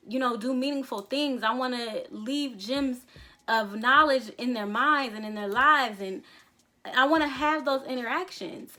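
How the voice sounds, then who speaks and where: A woman's voice: a little high, pushed and bright. A woman in her thirties talking candidly to her viewers in a casual, reflective vlog, rambling a little, laughing often and swearing casually. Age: 30s. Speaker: vlogger, songwriter. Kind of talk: casual reflective chat to camera.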